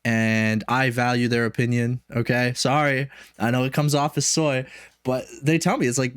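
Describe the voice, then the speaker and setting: A man talks through a reaction video in casual, rambling commentary, swearing freely and drifting into self-mocking asides. His voice sits in an ordinary middle pitch, and the recording is dry and close, with no room echo. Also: a little fast. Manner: rambling, profane, laughing asides. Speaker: commentary streamer.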